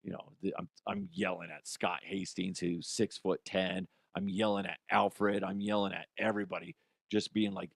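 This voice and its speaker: A man's voice: sits low, level tone, normal speed, vocal fry, dry recording. A middle-aged man hosting a casual podcast monologue. He talks bluntly, swears freely and acts out quotes in a raised voice. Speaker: podcast host and youth coach.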